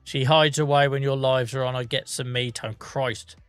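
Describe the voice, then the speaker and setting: A man's voice: mid-range voice, steady tone, moderate pace, a bit bright, clean tone, dry recording, faint music behind. A man hosting a game livestream, chatting casually and self-mockingly as he reads out viewer comments. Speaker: livestream host. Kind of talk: casual chat with viewers while gaming.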